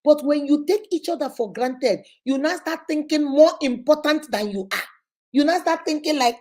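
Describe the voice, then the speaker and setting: A woman's voice: high-pitched, animated, normal speed, darkish tone. Chatty Nigerian woman giving advice. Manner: chatty, preachy, drops into pidgin and Igbo words. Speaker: vlogger giving relationship advice. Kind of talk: casual advice talk to followers.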